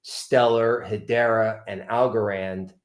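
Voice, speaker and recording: Halting male stream host, echoey room. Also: fairly low pitch, steady tone. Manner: halting, reads viewer comments aloud. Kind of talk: casual live-stream chat.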